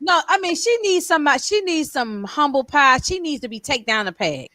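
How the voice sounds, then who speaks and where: A woman's voice: high-pitched, animated, fairly quick, sharp tone, no echo, studio quality. A woman co-hosting a casual podcast chat, rambling with many fillers and restarts. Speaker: co-host.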